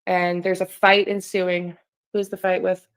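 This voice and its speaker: A woman hosting a live tarot stream, talking in a casual, halting way and often breaking off mid-thought. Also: lowish voice, little pitch movement, clean tone, poor audio. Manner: hesitant, halting, self-interrupting. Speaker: tarot reader and channel host.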